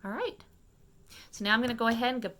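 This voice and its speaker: A woman hosting a makeup tutorial, talking viewers through each step in a chatty, fast-paced way and often checking in with them. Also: fairly high pitch, fairly bright tone, slight background noise. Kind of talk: casual step-by-step makeup demonstration.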